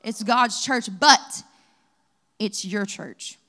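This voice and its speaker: A woman's voice: fairly high pitch, very slow. A woman from the pastoral staff with a Kentucky accent, preaching at a church Bible study and mixing personal testimony with scripture. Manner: lively storytelling, rising to exhortation. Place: church sanctuary.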